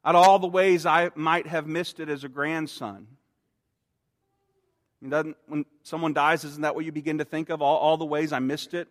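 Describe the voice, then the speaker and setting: A man preaching a sermon in an earnest way, growing soft and slow on quoted words. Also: a little high, fairly even intonation, long reverb tail. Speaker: pastor.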